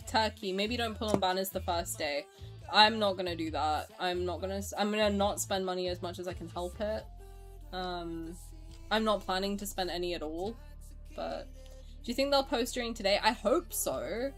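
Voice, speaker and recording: A woman streamer casually chatting with her viewers and reacting to their comments. She is excitable, swears freely and laughs often. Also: medium pitch, normal speed, soft background music.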